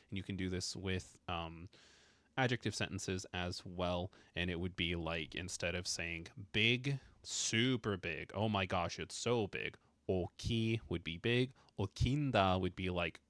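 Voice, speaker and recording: A man's voice: sits low, fairly bright tone, dry recording. A man teaching a casual language lesson, explaining with playful emphasis and jokes.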